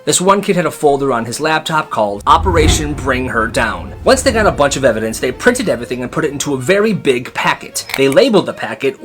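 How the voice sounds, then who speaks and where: A young man narrating storytime clips in a chatty, animated way, with quick asides to the listener. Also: medium pitch. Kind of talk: storytime narration for short videos.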